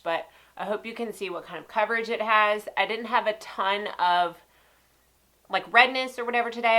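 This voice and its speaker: A woman's voice: lowish voice, sharp tone. A woman, stuffy-nosed from a cold, chatting casually to viewers while reviewing makeup. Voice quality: nasal. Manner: chatty, talks straight to viewers. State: stuffy nose from sinus cold. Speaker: makeup artist vlogger. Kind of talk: casual beauty review and demo.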